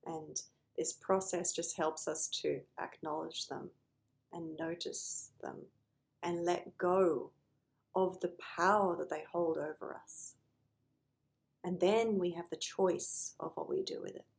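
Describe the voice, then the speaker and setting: A woman's voice: on the low side, slow pace, creaky. A woman therapist talking earnestly to camera about noticing emotions, sometimes acting out conversations with clients.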